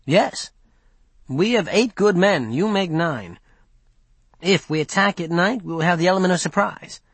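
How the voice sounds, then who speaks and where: A man's voice: high-pitched, unhurried, a bit bright, slightly rough, no room sound, heavily acted. A bold young male rebel leader in an audiobook lays out his plan in an urgent, persuasive voice, as a man puts him on. The sound is dry and close, with no room around it.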